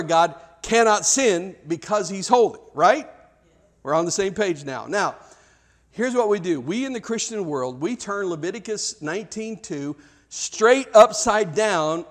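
A man preaching a sermon as pastor, talking in an animated, conversational way with frequent restarts. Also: high voice.

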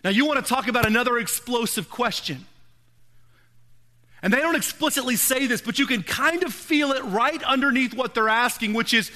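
A man preaching a sermon, earnestly building to pointed rhetorical questions and then falling to a hushed, quiet delivery. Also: very high-pitched, moderate pace. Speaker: pastor.

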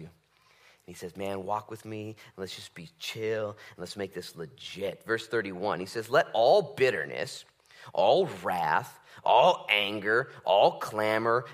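A man preaching a conversational sermon, swinging from loud bursts to hushed asides. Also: on the low side. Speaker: pastor.

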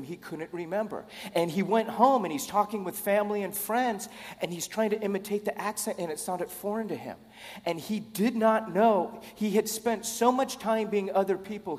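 A man's voice: on the high side, in a large hall. A middle-aged man preaching a sermon as pastor, conversational and repeating words as he starts phrases. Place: church.

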